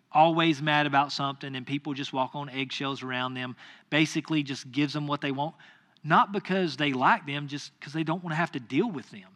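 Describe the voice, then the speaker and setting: A man in his thirties, a pastor, telling a personal story in a sermon and acting out his own angry lines. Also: medium pitch. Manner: animated, acts out his own anger in quoted lines.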